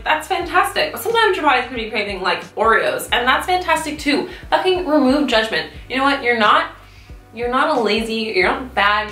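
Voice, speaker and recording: A woman's voice: mid-range voice, pushed and bright. A young woman chatting casually in a vlog while eating, talking with her mouth full and swearing freely. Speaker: YouTube vlogger. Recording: roomy echo, mic at a distance.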